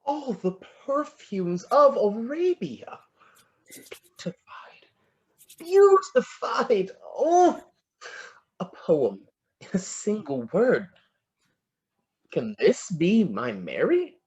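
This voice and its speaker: An actor playing a flattering, lovestruck poet in an amateur online stage play, savoring each word and muttering to himself. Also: medium pitch, drawn-out words, long pauses, lo-fi sound, heavily acted. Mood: enraptured. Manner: florid, wooing, savoring words, muttering to himself. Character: lovestruck, flattering William Shakespeare, a playful poet.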